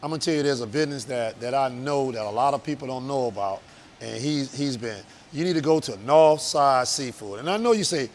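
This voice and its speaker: A man's voice: mid-range voice, lively intonation, fairly quick, a little hiss or hum. A man, a business owner talking earnestly and emphatically as an interview guest. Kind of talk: casual interview talk.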